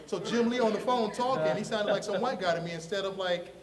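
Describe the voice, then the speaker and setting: A man from Ohio, a comic artist telling his story in a lively, slangy way, laughing often and acting out the voices of the people in it. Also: high voice, fairly quick, recorded from a distance, a loud crowd. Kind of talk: animated storytelling on a podcast.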